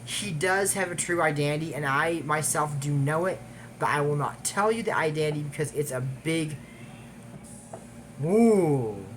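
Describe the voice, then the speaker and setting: A man recapping an animated series in a casual, digressive way, trailing off with fillers and little laughs. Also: fairly high pitch, normal speed, slight background noise. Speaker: YouTube recap host. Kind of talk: casual rambling episode recap.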